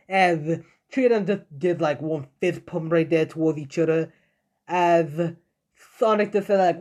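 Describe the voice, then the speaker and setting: A man's voice: a little high, a little slow, darkish tone. Young man rambling through a fan story. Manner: rambling, filler-heavy, self-correcting. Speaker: fan-fiction narrator. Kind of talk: improvised fan story narration.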